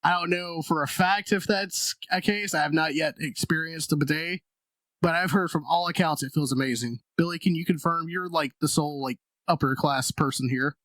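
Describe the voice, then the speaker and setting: A man's voice: on the high side, normal speed, fairly bright tone, no room sound. Rambling, swearing podcast guy. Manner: rambling, profane, laughs often. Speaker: podcast co-host. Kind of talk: casual comedic podcast chat.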